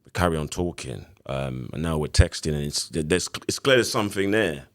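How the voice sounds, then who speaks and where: A man with a London accent in his thirties, a podcast guest telling his story in a casual, animated way. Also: very deep voice, fairly quick. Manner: animated retelling with acted quotes.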